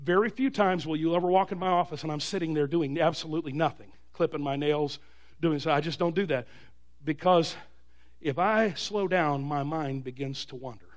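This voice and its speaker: Male pastor, high voice, call-and-response sermon with shouted peaks. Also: moderate pace. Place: church.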